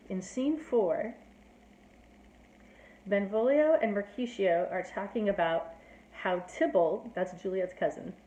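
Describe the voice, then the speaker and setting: A woman's voice: medium pitch, dark tone. Chatty woman in an echoey room. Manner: chatty, filler-heavy with "like" and "you know". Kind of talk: casual plot summary. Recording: roomy echo.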